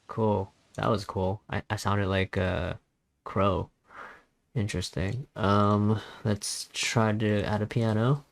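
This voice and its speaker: Man, very low voice, unhurried, tutorial host, self-deprecating. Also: little pitch movement, creaky, no echo. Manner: rambling, offhand, self-deprecating. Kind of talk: casual screen-recording tutorial.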